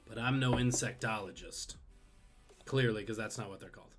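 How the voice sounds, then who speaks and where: A man hosting a live-streamed trivia quiz, reading questions and tossing in quick joking asides. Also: fairly low pitch, faint music behind. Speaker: trivia host.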